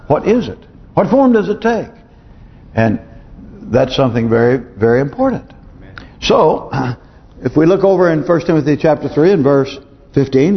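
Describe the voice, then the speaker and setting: A man preaching a sermon in a conversational way, asking rhetorical questions, chuckling to himself and often clearing his throat. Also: on the high side. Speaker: pastor. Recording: muffled recording, long church reverb.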